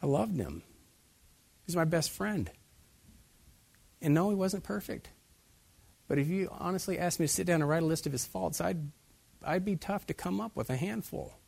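Husky-voiced pastor preaching to his church. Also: on the high side, lively intonation, normal speed, long pauses, a little mellow, dry recording. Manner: asks the congregation many direct questions. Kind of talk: sermon.

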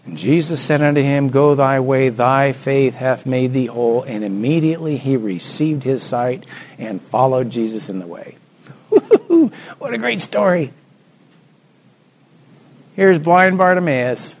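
A man preaching a sermon, acting out the voices of the Bible story with dramatic swings from soft to loud. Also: mid-range voice, a little slow.

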